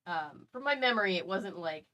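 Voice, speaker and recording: A woman's voice: on the low side, lively intonation, moderate pace, crowd noise, rough recording. A woman hosting a casual stream chat, rambling along with lots of "like" fillers. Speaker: host.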